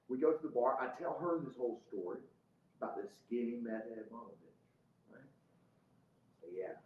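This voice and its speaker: A man's voice: medium pitch, a little hiss or hum. Man telling a profane, heated story. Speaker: podcast guest. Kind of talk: casual storytelling chat. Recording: roomy, slightly dull podcast audio.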